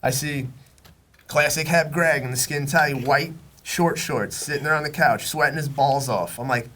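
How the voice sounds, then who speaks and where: A man's voice: medium pitch, expressive, normal speed, a bit bright. A young man from Long Island, telling long, rambling stories on a podcast, full of slang and swearing, often acting out what friends said. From Long Island, New York. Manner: rambling, slangy, profane, acts out quoted friends. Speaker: podcast guest. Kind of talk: casual storytelling.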